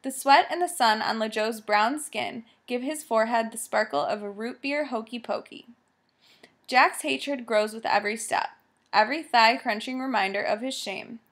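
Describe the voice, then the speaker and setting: A woman reads a story aloud in a measured, vivid storytelling voice. Her pitch sits a little on the high side. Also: fairly bright tone. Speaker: audiobook narrator. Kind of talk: scripted story narration.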